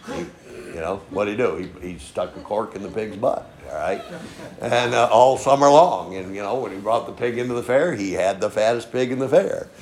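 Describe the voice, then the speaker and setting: A man preaching a sermon in a folksy storytelling way, peppering his points with "okay?" and swinging from soft asides to loud emphatic lines. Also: lowish voice, normal speed. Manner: folksy storytelling, frequent "okay?" tag questions. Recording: echoey room.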